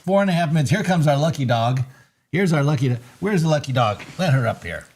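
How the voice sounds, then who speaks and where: A man hosts a casual live trading recap from a home desk. His pitch swings widely as he jokes and gets excited over the charts. He keeps breaking into laughter. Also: fast. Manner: excitable and joking, bursts of laughter. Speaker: host of a live market recap.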